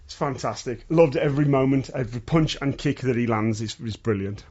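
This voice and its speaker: A man's voice: medium pitch, normal speed, few pauses, a little mellow, breathy edge. A man in his forties from the West Midlands with a West Midlands accent, trading wry jokes and enthusiastic asides in a casual podcast chat. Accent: West Midlands English. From West Midlands, England. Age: 40s. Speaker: podcast co-host. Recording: dull lo-fi remote audio.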